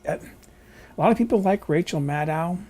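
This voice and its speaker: A man's voice: on the high side, moderate pace, mellow. A man vlogging at home, chatting in a rambling, opinionated way. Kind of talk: casual rambling monologue. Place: home kitchen.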